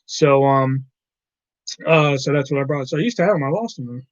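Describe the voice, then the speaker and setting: A medium-pitched man talks a little fast while hosting a casual livestream, swearing a lot and playing out his coworkers in a rant. The audio is dry, dull and lo-fi.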